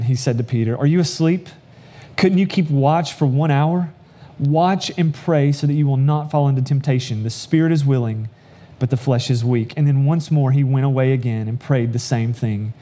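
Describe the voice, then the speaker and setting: Male preacher, mellow, mid-pitched voice; earnest sermon delivery that slows on key lines. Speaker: pastor.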